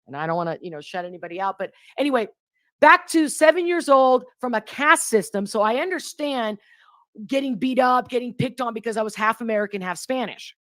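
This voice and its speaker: A woman's voice: fairly high pitch, animated, a little fast, fairly bright tone, no room sound, clean studio sound. A woman interviewing a guest in casual conversation, who talks emphatically and acts out the voices of people she quotes. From grew up in Europe.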